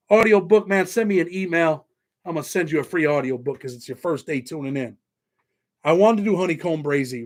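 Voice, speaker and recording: Thanking viewers by name, a middle-aged man from New York hosts a casual livestream and chats loosely in a high voice. His American accent carries a Southern tinge.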